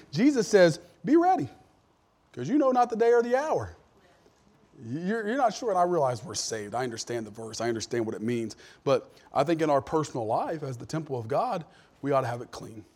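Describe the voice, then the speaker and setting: A middle-aged man preaching a sermon, telling a story, then building to loud, emphatic points. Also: fairly high pitch. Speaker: pastor.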